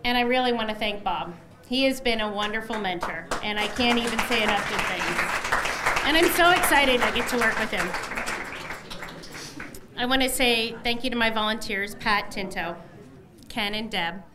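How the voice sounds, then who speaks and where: A woman's voice: on the high side, normal speed, over a noisy crowd, very noisy. A middle-aged woman, a newly elected candidate, gives an emotional, effusive election night victory speech at a headquarters party, thanking many people.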